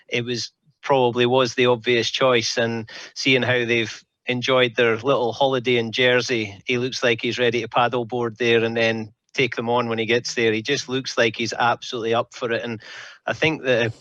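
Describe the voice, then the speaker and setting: Bright-voiced man on a muffled line. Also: mid-range voice, no room sound. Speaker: panel guest. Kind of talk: casual panel chat. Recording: dry muffled remote line.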